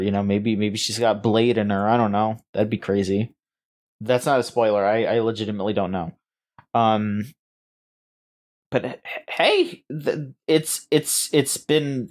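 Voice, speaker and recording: A man co-hosting a casual gaming news podcast, rambling and halting with frequent restarts and fillers. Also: fairly low pitch. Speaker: podcast co-host.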